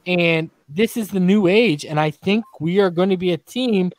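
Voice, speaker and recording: A man's voice: high voice, moderate pace, no echo. A man hosting a casual sports talk livestream, earnest and emotional, crying as he talks and repeating himself. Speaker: podcast host. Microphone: streaming setup, remote call.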